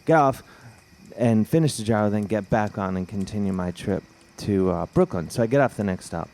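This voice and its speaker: A man telling a funny story live to an audience, rambling and animated with lots of fillers. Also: on the low side, fairly quick. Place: live event before an audience.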